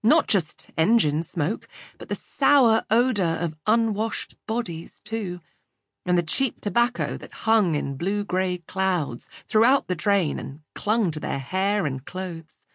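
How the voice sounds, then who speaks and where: Slow creaky-voiced woman narrating an audiobook. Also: lowish voice, no room sound, clean studio sound. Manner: measured, even storytelling.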